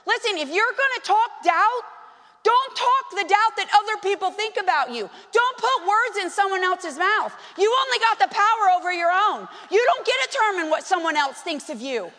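A woman pastor delivering a sermon in an animated, conversational way, with bursts of emphasis. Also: very high-pitched, moderate pace. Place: church sanctuary. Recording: long reverb of a large hall.

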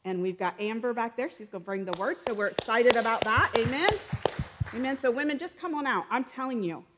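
A woman's voice: on the high side, a little fast, very noisy. A woman leading church announcements and prayer in a chatty style, with frequent amens. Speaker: church leader.

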